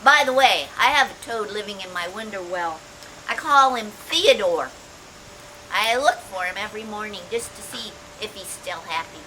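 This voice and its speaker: A woman's voice: a little high, sing-song, normal speed, noisy background. A woman volunteer reading a children's picture book aloud, playful, acting out sound effects and chatting to the young listeners between pages. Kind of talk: children's story read-aloud.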